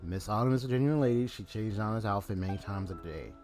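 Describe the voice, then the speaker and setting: A man's voice: fairly low pitch, quick pace, music in the background, natural voice. A man reading aloud the lines of a cheerful little girl who hosts a party, in his plain voice and stumbling now and then. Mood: chatty.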